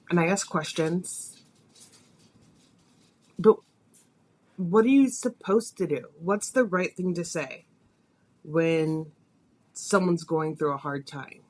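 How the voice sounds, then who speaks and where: A woman hosting a podcast, telling a personal story in a confessional, emotional way, her voice rising and falling with feeling. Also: on the low side. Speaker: podcast host.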